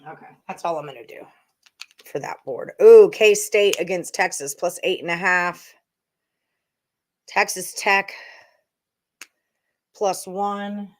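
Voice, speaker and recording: A woman's voice: on the low side, takes it slowly, pauses often. A woman hosting a live sports betting stream, chatting casually and thinking aloud to her viewers as she goes through picks. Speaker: sports betting show host.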